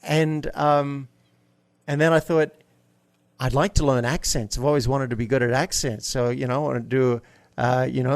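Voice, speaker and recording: A man's voice: mid-range voice, fairly even intonation, normal speed, dry recording. A man guest in an interview, a coach talking casually and telling stories with upbeat energy.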